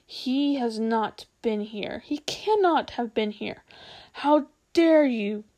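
A woman's voice: fairly high pitch, a little mellow. A woman doing a cruel haughty witch queen. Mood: cold, commanding. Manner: imperious, slow and menacing commands. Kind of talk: storybook read-aloud.

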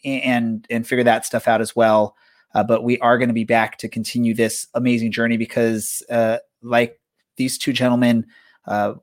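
A man hosting a soccer podcast in casual chat, rambling with many fillers and restarts. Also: medium pitch. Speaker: podcast host.

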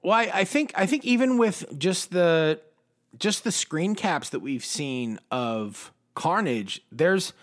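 A man's voice: high voice, animated, slow. A man co-hosting a casual movie chat, with dry, sarcastic remarks. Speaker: podcast co-host.

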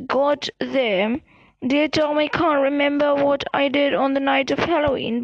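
A woman's voice: high-pitched, no echo, muffled recording. A woman doing an anxious young schoolgirl's diary. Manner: worried, recited diary entries.

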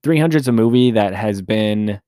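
A man's voice: lowish voice, normal speed, warm tone, no echo, studio quality. A man hosting a solo movie podcast, talking casually and rambling as he corrects himself. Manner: chatty, rambling, self-correcting. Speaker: movie review podcast host.

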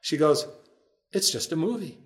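A man with a slightly high voice, speaking expressively at normal speed, tells a story as a guest on a podcast. He acts out the voices of the people in it.

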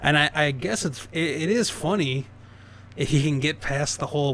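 Podcast cohost guy, medium pitch, cracking crude jokes, little bit of noise behind him. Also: brisk, a bit bright. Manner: joking, crude interjections. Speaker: podcast co-host. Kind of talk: casual chat.

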